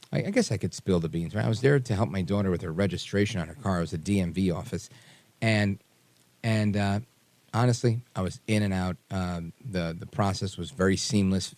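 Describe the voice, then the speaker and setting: Male talk radio host, low and expressive, chatty storyteller, dry studio sound. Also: no echo. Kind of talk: casual radio monologue.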